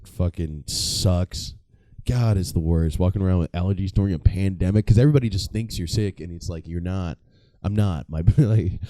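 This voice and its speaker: Young ny guy riffing and swearing, low mellow voice, laughs at his own bits, dead dry recording. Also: normal speed, dry recording. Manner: rambling, profane, self-mocking, laughs at own jokes. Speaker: comedy podcast host. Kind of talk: casual comedic monologue.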